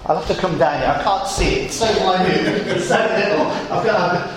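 A preacher voicing a wryly ironic God. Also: male voice, high voice, a little fast, very echoey, noisy background, lightly acted. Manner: dry, ironic understatement. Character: wry God, mock-straining at something tiny.

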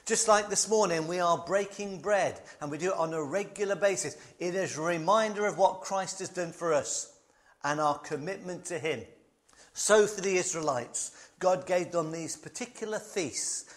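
A man preaching a sermon, emphatic and conversational, fond of repetition and light asides. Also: fairly high pitch.

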